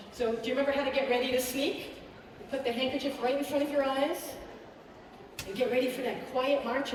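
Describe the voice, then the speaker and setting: A high-voiced woman guides children through a concert piece, lively and encouraging. Her voice is caught from far off, ringing with the long reverb of a big auditorium. Steady room noise sits under it. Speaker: pianist and children's concert host. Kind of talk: teaching children at a family concert. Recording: echoey hall from far off.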